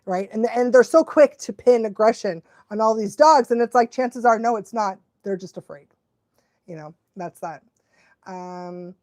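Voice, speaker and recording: A young woman, a dog trainer, chatting casually on a live stream, excitable and animated, laughing often and sometimes losing her thread. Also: a little high, a little slow, no echo. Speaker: dog trainer hosting a live watch-along.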